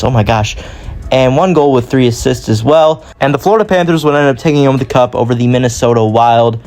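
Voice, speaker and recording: A man's voice: mid-range voice, fairly quick, a little mellow. A young man talking through a hockey sim career in casual commentary, rambling and often correcting himself mid-sentence. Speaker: gaming YouTuber.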